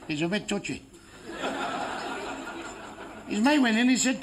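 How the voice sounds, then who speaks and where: Stand-up comic, male, crude and blunt, fairly high voice, noisy live recording. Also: lively intonation, a little slow. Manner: crude, heavy swearing, blunt punchlines. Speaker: stand-up comedian. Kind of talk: stand-up joke telling.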